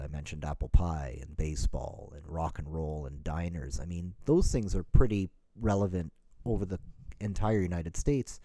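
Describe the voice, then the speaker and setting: A man's voice: sits low, mellow, dry recording. A middle-aged man from Canada in a casual solo talk, rambling and correcting himself, with many "you know"s. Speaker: podcast host.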